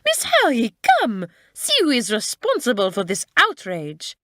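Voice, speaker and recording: A woman's voice: a little high, wildly swooping pitch, a little slow, fairly bright tone, no echo, studio quality, voice pushed up, heavily acted. A woman voicing a hot-tempered schoolmistress, exclaiming shrilly in an audiobook. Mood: outraged. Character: hot-tempered middle-aged French schoolmistress. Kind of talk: audiobook character voice.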